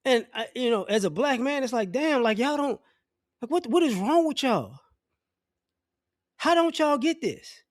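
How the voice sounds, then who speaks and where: A middle-aged vlogger with a very high, sing-song voice gives a profane, blunt opinion rant to camera at a measured pace, pausing often. He rambles and begins sentences over again. The audio is dry and close with no room sound.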